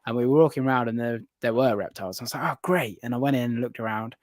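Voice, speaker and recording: British man, late 20s-30s, excitable guest storyteller, dry close mic, mid-range voice. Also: mid-range voice, racing, no echo. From United Kingdom. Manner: excitable, animated storyteller who often laughs mid-sentence. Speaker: guest reptile keeper. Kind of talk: casual storytelling chat.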